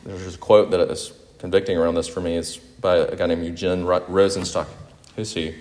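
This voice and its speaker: A man's voice: deep voice, flat delivery, brisk, a little mellow. A man in his forties preaching a sermon in a reflective, confessional way, talking conversationally and often correcting himself mid-sentence. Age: 40s. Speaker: pastor. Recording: long hall reverb.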